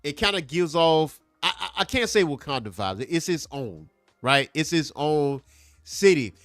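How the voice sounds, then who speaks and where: A man hosting a casual comic book review, talking in an animated, emphatic way and repeating points for effect. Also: on the high side, measured pace, no room sound, soft background music. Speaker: comic book show host.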